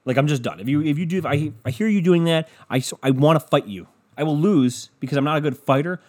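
A man's voice: on the high side, quick pace, hardly any pauses, a little mellow. A man host delivering a profane, exasperated ranting monologue, repeating his points for emphasis and throwing crude insults.

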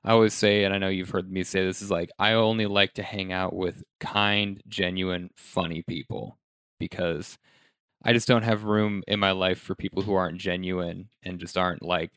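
A male podcast host talks in a relaxed, reflective way, peppering his speech with "like." His voice sits on the low side and the recording is dry and close, with no room sound. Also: moderate pace, clean tone, dry recording. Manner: relaxed, reflective, many "like" fillers. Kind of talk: casual chat.

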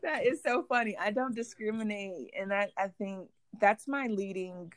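A woman podcast host tells stories in a loose, chatty way and laughs often. Her voice sits at a middle pitch and sounds close and dry, with no room around it. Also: moderate pace, dry recording. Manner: lively storytelling, laughs often. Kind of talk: casual chat.

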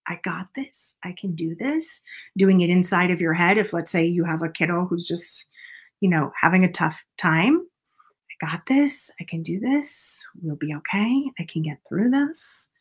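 A woman's voice: lowish voice, moderate pace, breathy edge. Earnest woman coaching viewers directly. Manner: earnest, coaching, asks listeners direct questions. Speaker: coach on emotional eating. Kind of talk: motivational talk to viewers.

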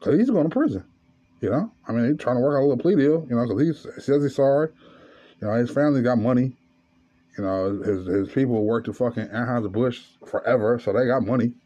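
A man's voice: mid-range voice, expressive, fast talker, dark tone, highs cut off. A man hosting a podcast, telling a story in a casual, profane monologue. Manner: profane, storytelling, rising to angry rant. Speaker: podcast host.

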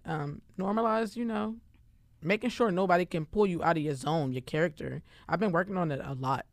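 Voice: medium pitch, a little fast, dry recording, studio quality. A podcast co-host in casual chat who talks loosely and animatedly, using lots of slang and filler words.

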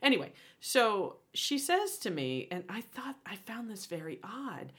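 A woman's voice: medium pitch, big pitch swings, unhurried, a bit bright. A middle-aged woman in a casual chat, retelling conversations in a chatty way with lots of fillers. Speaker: podcast co-host.

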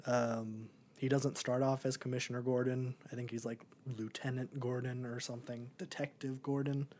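A man's voice: mid-range voice, level tone, moderate pace, a little mellow. A young man and podcast co-host in a casual movie review chat, rambling with many ums and likes.

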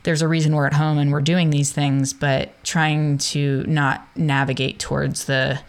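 A woman hosting a casual conversation, speaking in a thoughtful, measured, rambling way. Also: sits low, level tone, clear, resonant tone.

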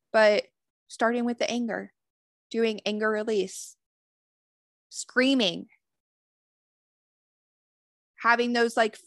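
A woman's voice: fairly high pitch, a bit bright, no echo, clean studio sound. A woman giving a motivational self-help talk as a spiritual wellness host, earnest, swearing freely and repeating affirmations.

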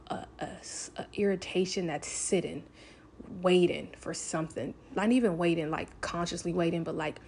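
A woman's voice: fairly low pitch, darkish tone, slight background noise. A woman talking casually and openly to camera, rambling with lots of fillers as she shares a personal story. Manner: rambling, many "like" fillers, open and confessional. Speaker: vlogger.

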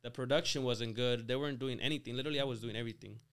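A Mexican man in his twenties, an auto shop owner appearing as a podcast guest, tells his story in casual chat full of "like," "you know," and restarted words. His medium-pitched voice is steady, rapid-fire, fairly bright, and clean.

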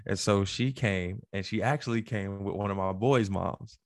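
Brief: male podcast co-host, low pitch, dry close mic, animated storyteller who does the voices. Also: moderate pace, hardly any pauses, dry recording. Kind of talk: casual storytelling chat.

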